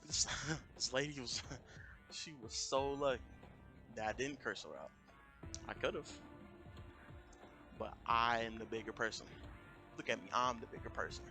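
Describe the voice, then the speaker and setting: Mężczyzna opowiadający na streamie, ożywiony i zirytowany, przy wyraźnej muzyce. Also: male voice, medium pitch, unhurried, long pauses. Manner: animated ranting, quoting people in raised voices. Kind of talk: casual storytelling rant on a live stream. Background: music.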